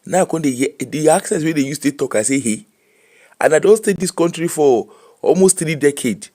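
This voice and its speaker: Speaking briskly in a fairly high voice, a middle-aged man hosts an informal live-stream chat. His accent is Nigerian Pidgin English, and he blends Pidgin and English, animated and laughing throughout.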